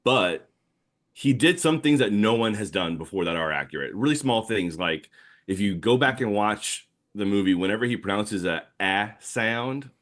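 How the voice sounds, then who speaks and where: A guest comic artist from the New Orleans area of Louisiana tells animated stories full of laughs on a casual podcast. His voice is lowish and his pace moderate.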